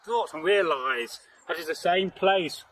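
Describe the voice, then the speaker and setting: Outdoors in nature, a storyteller host casually relates a folktale, rambling and joking with plenty of "you know" asides. His voice is fairly high and bright, with a measured pace. The recording is rough, with slight background noise.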